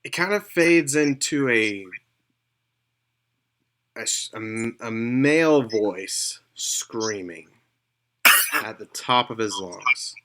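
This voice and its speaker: Brief: male game master who narrates slowly and pauses often. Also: medium pitch, expressive, bright, forceful tone, slight background noise. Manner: unhurried, with pauses and fillers.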